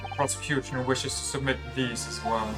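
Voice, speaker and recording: A man voicing a cold, composed male prosecutor in a video game, formal and measured. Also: medium pitch, fairly even intonation, over loud music, lightly acted, low-quality recording.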